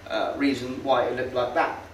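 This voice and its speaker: A man's voice: medium pitch, level tone, moderate pace. A man giving a casual, sardonic talk to an audience in a meeting hall. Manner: conversational, sardonic, hesitant with fillers. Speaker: speaker at a public talk. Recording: roomy hall, far from mic, faint noise.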